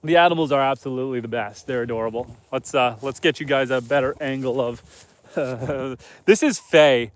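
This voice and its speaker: Speaking at normal speed in a medium-pitched voice, a man from Northern Canada live-streams from his homestead farm amid the animals. He rambles in a relaxed way, chatting with viewers and reading their comments out loud.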